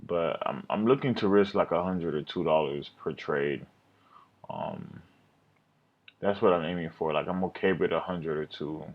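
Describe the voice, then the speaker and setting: A man's voice: deep voice, moderate pace, highs cut off. A man recapping his day trades over a screen recording, rambling, self-critical and swearing often.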